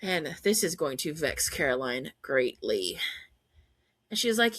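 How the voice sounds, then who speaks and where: A woman hosting a podcast, gushing and laughing as she recaps scenes and acts out quotes in quick voices. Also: medium pitch, expressive, sharp tone. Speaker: podcast host. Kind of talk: excited fan recap chat.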